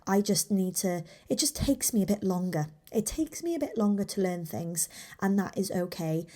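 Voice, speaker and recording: A woman in her twenties hosting a solo podcast, talking openly and from the heart, with restarts and soft whispered asides. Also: medium pitch, expressive, normal speed. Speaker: podcast host, small business owner. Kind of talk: candid solo podcast talk.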